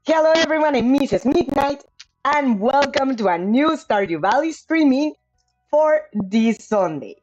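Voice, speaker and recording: A woman streaming a video game live, chatting casually with her viewers, apologetic and quick to laugh. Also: sits high, animated, darkish tone, highs cut off, soft background music.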